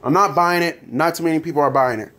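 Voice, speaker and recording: Profane ranting man, fairly high voice. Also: quick pace. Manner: animated, profane, frequent fillers. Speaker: story game player. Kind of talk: ranting commentary and reading aloud.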